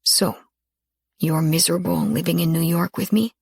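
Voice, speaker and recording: A woman voicing a cocky, teasing young man in a romance audiobook, dropping her voice lower for him. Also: very animated, normal speed, slightly rough, dry recording, exaggerated voice. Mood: serious.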